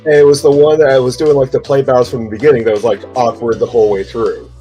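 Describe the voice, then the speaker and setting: Mellow-voiced dog trainer chatting. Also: mid-range voice, quick pace. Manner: rambling, relaxed storytelling with fillers. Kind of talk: casual chat. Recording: faint background music.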